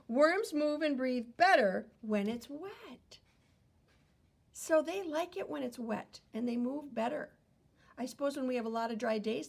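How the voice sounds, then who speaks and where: A woman's voice: fairly high pitch, creaky, darkish tone, breathy edge. A woman teacher reading a picture book aloud to children, wondering aloud and explaining as she goes.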